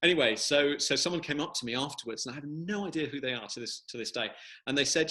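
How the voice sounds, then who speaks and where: A man's voice: fairly high pitch, animated, quick pace, pushed and bright, low-quality recording. A man, an author, chatting casually and rambling into a joke at an online book launch over a video call.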